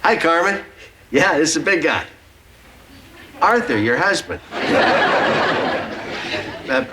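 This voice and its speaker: An actor playing a middle-aged sitcom son, nervous and stammering, clearing his throat before he speaks up to his mother. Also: mid-range voice, background noise, close to an everyday voice. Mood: affectionate. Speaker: sitcom character.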